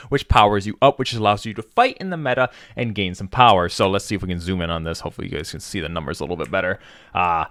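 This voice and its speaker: A man's voice: fairly low pitch, fairly bright tone, dry recording. A man walking viewers through a game tool on screen in a casual chat, loose and full of fillers, now and then slipping into mock infomercial hype. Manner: chatty, loose, many fillers. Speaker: gaming content creator. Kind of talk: casual screen-share walkthrough.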